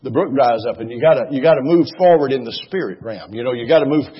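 A male preacher delivering a sermon, emphatic and repetitive, rising into loud exhortation. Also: mid-range voice, expressive, fast talker, slightly rough. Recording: dull lo-fi recording.

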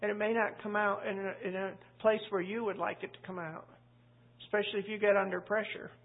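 Gravelly woman teaching the Bible, tinny. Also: mid-range voice, level tone, fairly quick. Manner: conversational, emphatic, quotes scripture. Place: church room with a live group. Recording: tinny, lo-fi phone-like audio.

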